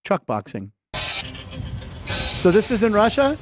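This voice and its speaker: A man's voice: high-pitched, wildly swooping pitch, music in the background. A man hosting a sports comedy podcast from a studio desk, chatting casually with a jokey, rambling manner. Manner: jokey, rambling, quick asides. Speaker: host.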